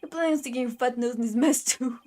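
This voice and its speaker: A gruff male strongman with a put-on Brooklyn accent, as a woman puts him on for a game. He barks threats in a gangster drawl and ends his lines with "see?". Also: on the high side, quick pace, warm tone, close to an everyday voice. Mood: gruff, menacing. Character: blustering middle-aged male tough-guy minister.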